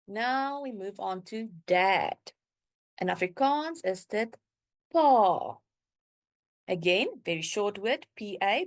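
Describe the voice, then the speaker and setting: A woman teaching a beginner language lesson, drawing out words slowly and clearly for learners to repeat. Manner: slow, drawn-out modeling of words with lively pitch.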